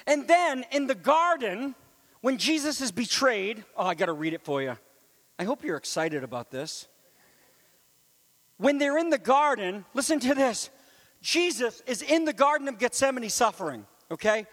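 A man preaching a sermon in a lively, conversational way, with asides to the congregation and sudden swings from loud to hushed. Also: very high-pitched, in a large hall. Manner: animated, swings from loud to near whisper. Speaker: pastor.

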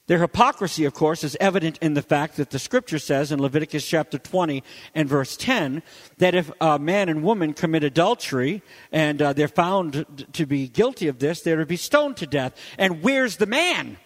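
A man preaching a sermon with emphatic storytelling, rising and then dropping to quiet. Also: on the high side, brisk. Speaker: pastor. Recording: long hall reverb.

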